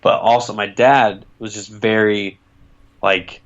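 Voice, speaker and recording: A young man with a lowish voice co-hosts a casual podcast, rambling through stories and cursing freely. The recording sounds dull and lo-fi, with the top end muffled. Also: fairly even intonation, takes it slowly. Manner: rambling, swears freely, storytelling. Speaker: podcast co-host. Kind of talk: casual chat.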